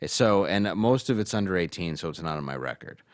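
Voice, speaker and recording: A man's voice: low-pitched, lively intonation, brisk, no room sound, studio quality. A man, a stand-up comedian, telling a candid, self-mocking story in casual talk.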